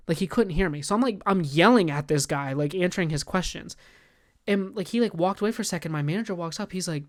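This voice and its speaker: A young man co-hosting a podcast, telling a work story in casual chat, animated and swearing freely as he acts out both sides of a conversation. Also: a little high, quick pace. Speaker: podcast co-host.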